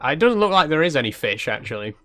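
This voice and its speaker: A man's voice: a little high, very animated, fast, pushed and bright. A man streaming a cozy game, chatting casually, laughing often and poking fun at himself. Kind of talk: live stream gameplay commentary.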